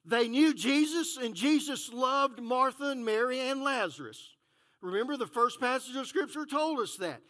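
A male pastor preaching a sermon, talking through Scripture in a conversational way and rising to shouted fervor. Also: very high-pitched.

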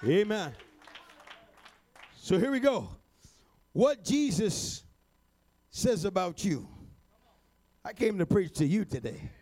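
A man preaching a sermon, building to shouted, rhythmic refrains and sprinkling his lines with "amen" and "uh". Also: sits high, big pitch swings, slow pace, long pauses, a faint crowd.

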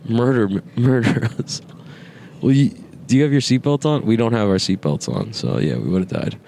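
A man's voice: on the low side, vocal fry, dark tone. A young man in his twenties hosting a casual podcast while riding in a car, rambling, swearing and laughing as he talks. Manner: rambling, profane, laughs often. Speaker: podcast host. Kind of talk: casual chat. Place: inside a moving car. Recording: faint road noise in a car.

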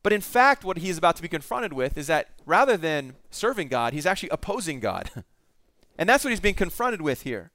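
A man's voice: a little high, big pitch swings, a little fast, sharp tone, dry recording. A middle-aged male pastor preaching a sermon, telling the story with animation and acting out the voices in it.

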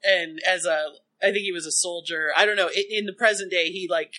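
Bright-voiced woman chatting casually, laughs a lot, explains stuff. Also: on the low side, steady tone, a little fast. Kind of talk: casual chat.

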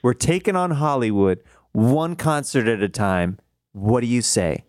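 A man playing an earnest young man who pitches a show in a polite, halting way. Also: animated, a little mellow, no room sound, studio quality, natural voice. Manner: polite, hesitant salesman patter.

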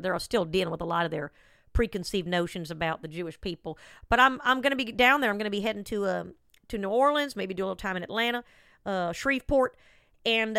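A woman's voice: medium pitch, a bit bright, smooth, no room sound, studio quality. A woman hosting a podcast, rambling through a comic monologue with wry, self-mocking asides. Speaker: podcast host, comedian.

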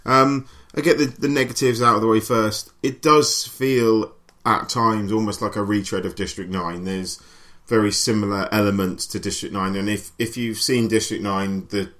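Lower-voiced man reviewing films. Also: fairly even intonation, a bit bright. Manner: measured, opinionated reviewing. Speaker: podcast co-host. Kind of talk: casual podcast film review.

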